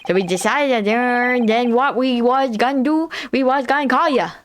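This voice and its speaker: A shifty young thief brother in a game, talking in rough cockney-style slang, as a woman puts him on. The voice sits fairly high. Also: normal speed, natural voice. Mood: pleading. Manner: put-on rough British slang.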